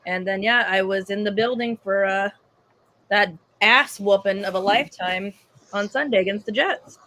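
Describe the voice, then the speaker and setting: A woman's voice: mid-range voice, moderate pace, a bit bright. A woman co-hosting a sports podcast in casual chat, frank and joking with crude language, talking while eating. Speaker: podcast co-host. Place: restaurant, eating.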